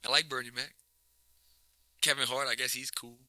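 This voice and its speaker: A man's voice: medium pitch, normal speed, no room sound. Laid-back man rambling with restarts. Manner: relaxed, rambling, many restarts and slang. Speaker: basketball coach, guest. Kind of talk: casual interview chat.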